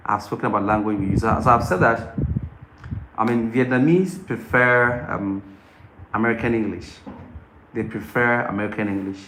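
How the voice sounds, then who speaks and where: A man's voice: on the low side, normal speed, fairly bright tone, echoey room, a little hiss or hum. A man hosting his channel's live Q&A, chatting casually and animatedly, often repeating his phrases. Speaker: YouTube channel host answering viewers live. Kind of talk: casual livestream Q&A talk.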